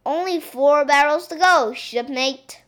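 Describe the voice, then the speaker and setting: A woman's voice: high-pitched, takes it slowly, fairly bright tone, pitched above the performer's own voice. A woman voicing a cheerful castle gardener, hearty and proud.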